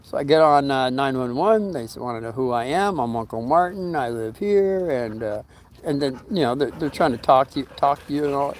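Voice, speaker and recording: A man's voice: medium pitch, expressive, fairly quick, slight background noise. A middle-aged man telling a long story in a casual vlog at his home, rambling with fillers and restarts, and briefly acting out the voices of the people in it. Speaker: storyteller vlogger.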